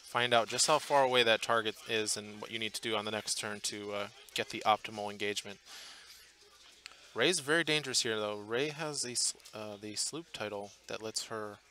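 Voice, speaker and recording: A man's voice: fairly low pitch, moderate pace, pushed and bright. A man commentating live on a tabletop tournament match, chatty and thinking aloud with fillers and restarts, from a booth at the event. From Portland area, US.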